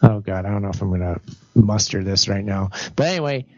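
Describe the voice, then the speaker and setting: A man's voice: lowish voice, brisk, no echo, muffled recording. A man co-hosting a casual live-stream podcast, chatting loosely and rambling with lots of fillers. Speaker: podcast co-host.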